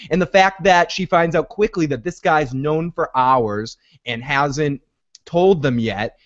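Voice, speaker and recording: A man hosting a casual TV recap chat, rambling and profane, dropping into quick impressions of characters. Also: fairly high pitch, muffled recording. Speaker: podcast host.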